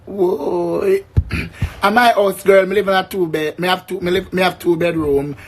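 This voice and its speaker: A man's voice: sits high, fairly even intonation, unhurried. A man from Jamaica with a Jamaican accent, ranting casually to his viewers in a brash, boastful way, swearing often. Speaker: vlogger. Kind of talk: casual rant to camera.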